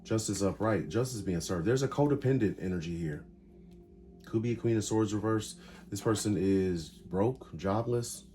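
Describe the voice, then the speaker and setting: Low-voiced man reading tarot cards. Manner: talks through cards in short bursts, animated and emphatic. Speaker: tarot reader.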